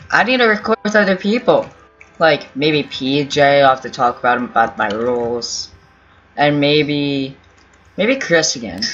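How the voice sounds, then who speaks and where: In a medium-pitched, slightly bright voice, a man narrates his own gameplay in loose, rambling commentary for his YouTube channel. He mutters to himself, pleads with the other players, and teases them; keyboard typing and faint game music come through the dull lo-fi recording.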